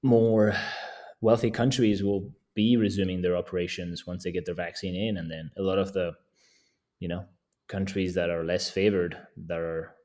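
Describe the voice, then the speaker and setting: This is a man with a fairly low voice, chatting as a podcast guest. He talks in a casual, easygoing way and often chuckles between thoughts. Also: level tone, moderate pace, warm tone. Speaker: guest landscape photographer.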